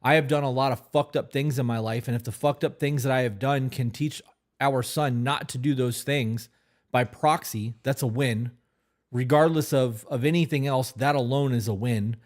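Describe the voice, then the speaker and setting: A man co-hosting a podcast in casual conversation. He talks earnestly, swears often and stumbles into restarts as he works out his thoughts. His voice is middle-pitched. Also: normal speed. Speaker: podcast co-host.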